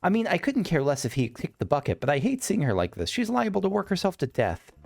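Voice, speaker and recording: A man's voice: fairly high pitch, huge pitch swings, quick pace, gravelly, a little mellow, no room sound, faint music behind, voice pushed up, full character voice. A man reading game dialogue aloud as a lovesick, devoted male admirer who watches from the shadows.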